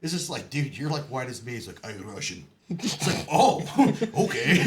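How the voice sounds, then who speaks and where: A man telling his military stories in casual podcast chat, swearing often, laughing, and shouting out the quoted lines. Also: on the high side, wildly swooping pitch, slow, crowd noise. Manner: profane, laughing, acts out quotes loudly. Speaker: podcast guest. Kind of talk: casual storytelling.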